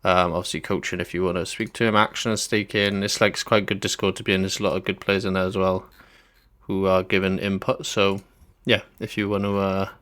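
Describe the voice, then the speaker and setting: A man's voice: sits low, little pitch movement, a little fast, fairly bright tone. A young British man hosting a stream, chatting loosely and addressing his viewers as lads. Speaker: stream host. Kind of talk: casual stream chat.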